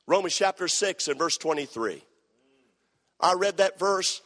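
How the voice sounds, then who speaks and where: A man preaching, telling a story with animated bursts of shouting and hushed stretches. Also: high-pitched, a little slow. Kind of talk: sermon storytelling. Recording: long hall reverb.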